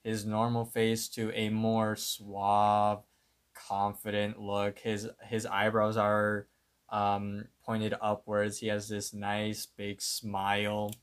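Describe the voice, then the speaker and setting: A man co-hosting a podcast narrates a cartoon plot with pauses and restarts. His voice sits somewhat low. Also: completely flat delivery, clean tone. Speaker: podcast co-host. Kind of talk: casual episode recap.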